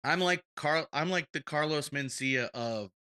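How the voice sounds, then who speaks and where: A young man co-hosting a casual reaction chat, excitable and a bit out of breath, exclaiming and laughing often. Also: a little high, a little slow, clear, resonant tone. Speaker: co-host reacting to videos.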